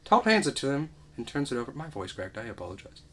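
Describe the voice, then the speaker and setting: A man's voice: mid-range voice, very animated, fast, fairly bright tone, a little hiss or hum. A man reading a comedy script aloud, narrating the action and adding dry, wry asides. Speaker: script reader.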